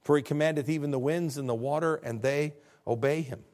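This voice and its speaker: Preaching a little fast, the middle-aged pastor is animated throughout. He plays out dialogues in his sermon and ranges from low, quiet lines to near shouts.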